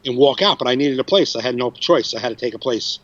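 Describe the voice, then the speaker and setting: Comedian host, 40s, loose storyteller, swears freely; muffled, dry recording. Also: male voice, mid-range voice, fast, fairly bright tone, dry recording. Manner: rambling, frequent restarts and swearing. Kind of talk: casual storytelling chat.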